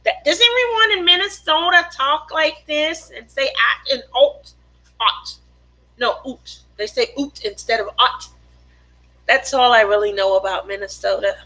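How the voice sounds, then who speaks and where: A woman's voice: high voice, moderate pace, bright, forceful tone, low-quality recording. A woman hosting a casual craft livestream from her home, chatting and reading viewer comments aloud and laughing often. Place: home in the desert.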